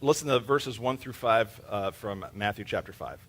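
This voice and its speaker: A man's voice: lowish voice, normal speed, a bit bright. A man preaching a sermon as pastor in a church, in a casual, joking way with lots of fillers. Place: church sanctuary. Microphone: handheld microphone.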